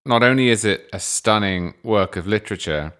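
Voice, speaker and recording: A man's voice: lowish voice, moderate pace, fairly bright tone, smooth. An English man hosting a podcast, answering listener questions with dry, wry humor. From England. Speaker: podcast host.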